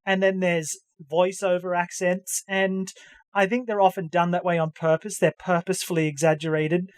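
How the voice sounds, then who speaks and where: A podcast co-host chatting casually about anime dubs, halting and full of restarts, slipping into hammy accent impressions. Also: mid-range voice, little pitch movement, dry recording. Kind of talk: casual chat.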